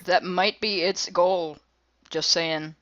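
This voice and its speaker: Deadpan female player, slightly dull recording. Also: lowish voice, takes it slowly, a crowd in the background. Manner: deadpan, laughs easily. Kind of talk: casual tabletop play.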